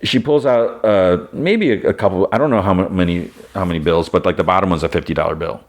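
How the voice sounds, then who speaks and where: Very low-voiced male podcast host, loose conversational recap, leans on "like" constantly. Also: fast. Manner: rambling, heavy on "like" fillers, self-correcting. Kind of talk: casual retelling of a show episode.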